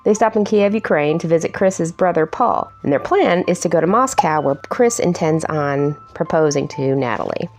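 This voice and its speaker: A woman's voice: deep voice, expressive, moderate pace, few pauses, a little mellow, faint music behind. Chatty woman reviewing horror movies. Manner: chatty, self-mocking, laughs at her own jokes. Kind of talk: casual movie review commentary.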